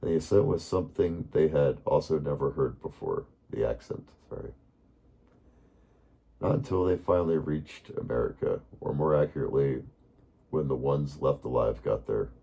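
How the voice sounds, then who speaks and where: A man reading a bedtime story aloud in a calm, unhurried way, now and then correcting himself. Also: extremely low pitch, gravelly, dull audio.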